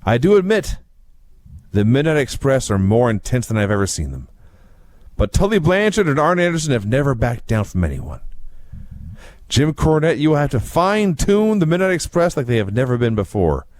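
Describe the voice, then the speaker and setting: Man with a dry, lively recap voice. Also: mid-range voice, moderate pace, no room sound. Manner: dry, wry storytelling with quoted retellings. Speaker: podcast co-host reviewing old wrestling shows. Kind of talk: casual review chat.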